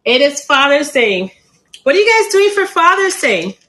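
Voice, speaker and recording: A woman's voice: high-pitched, very animated, moderate pace, bright, forceful tone, poor audio. A middle-aged woman hosting a live plant sale stream, chatty and laughing often.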